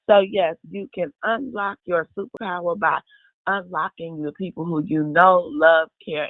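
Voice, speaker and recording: A woman's voice: on the low side, no room sound, phone-quality sound. A woman co-hosting a casual talk show, enthusiastically giving a promotional plug. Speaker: co-host.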